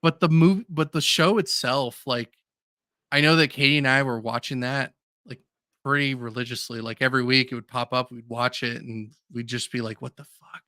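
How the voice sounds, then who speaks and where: Bright-voiced earnest podcast man. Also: mid-range voice, fairly even intonation, moderate pace, no echo, studio quality. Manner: earnest, openly emotional, hesitant with "um"s. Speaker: podcast co-host. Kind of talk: casual chat.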